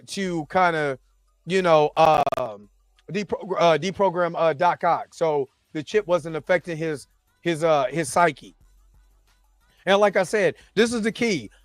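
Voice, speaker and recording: High-voiced man rambling through a show recap. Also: no echo, clean studio sound. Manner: rambling, loose slangy recap with frequent restarts and asides. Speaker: reaction show host. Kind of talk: casual episode recap and reaction.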